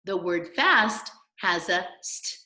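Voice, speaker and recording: A woman teaching a recorded phonics lesson to young children, slow and exaggerated, in a sing-song teacher voice. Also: on the low side, expressive, pushed and bright. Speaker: kindergarten teacher. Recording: echoey room.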